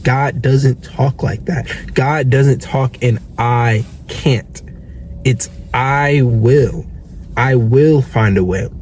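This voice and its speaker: A man's voice: mid-range voice, extremely slow, a little mellow, a little hiss or hum. A young man giving an earnest, preachy motivational monologue as a self-improvement coach, swearing casually.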